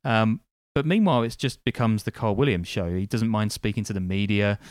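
A man's voice: fairly low pitch, a little fast, darkish tone, dry recording. A man hosting a podcast, recounting events from notes in a casual, wry way with dry asides and frequent ums. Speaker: podcast host.

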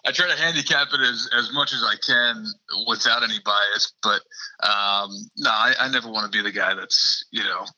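Male handicapper guest, measured delivery, very bright tense tone, dry. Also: on the low side, dry recording, highs cut off. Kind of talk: casual sports chat over the line.

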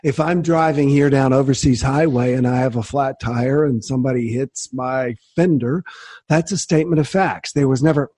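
A man guesting on an interview show, making his points through emphatic, animated stories. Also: mid-range voice, moderate pace, no room sound. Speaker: guest author. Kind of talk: conversational interview.

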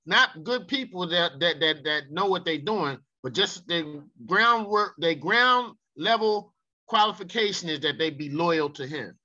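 A man with a high, sharply bright voice joins a group discussion. He rambles and searches for his words as he goes. The audio sounds a little dull. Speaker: participant in discussion.

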